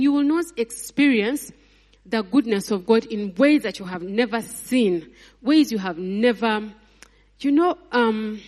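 A married woman preaching a sermon in a church hall, her voice pitched a little high and ringing with long reverb. She talks in a lively, animated way, acting out scenes and laughing. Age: adult, married mother. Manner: acts out voices of people and God in her retelling.

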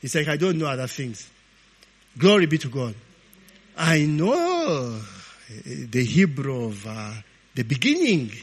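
A man preaching, telling stories in an animated, informal sermon, often tagging lines with "eh?". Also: mid-range voice, unhurried, pauses often, husky. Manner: animated, peppers talk with "eh?" and laughs. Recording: long hall reverb.

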